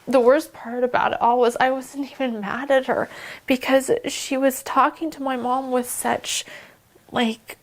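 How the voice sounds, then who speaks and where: A young woman telling a personal story to the camera, halting and emotional, with pauses and fillers. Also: high-pitched, steady tone. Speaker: vlogger.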